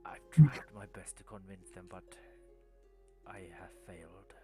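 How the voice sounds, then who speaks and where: A man voicing a defeated male clan leader who speaks in a trembling, sobbing, halting voice. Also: low-pitched, mellow, faint music behind.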